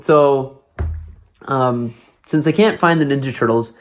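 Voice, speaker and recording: A man co-hosting a podcast, retelling a movie plot in a loose, animated way and laughing often. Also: medium pitch, measured pace, a little hiss or hum. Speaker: podcast co-host. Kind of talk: casual movie recap chat.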